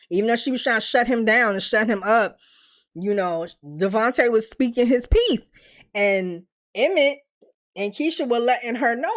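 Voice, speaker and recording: A woman hosting a casual TV recap, talking in an animated, blunt and profane way and laughing often. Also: mid-range voice. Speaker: TV recap host.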